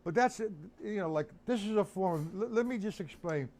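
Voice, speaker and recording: A man's voice: sits high, expressive, a little fast, darkish tone, a little hiss or hum. Chatty man giving a drum lesson. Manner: rambling, chatty, talks to viewers by name. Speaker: drum teacher. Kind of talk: live-streamed drum lesson.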